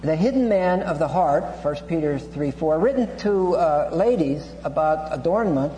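Here the preacher's voice is a little high and expressive, with a measured pace and a dark tone. He teaches through a Bible passage expository-style, digressing, restarting repeatedly and citing Greek terms. Echo and hum fill the hall recording.

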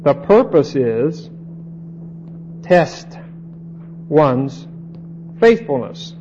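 Male Bible teacher, unhurried and repetitive, slightly high voice, dull recording with faint hum. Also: big pitch swings, darkish tone. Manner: unhurried, repeats points and checks understanding with "okay?".

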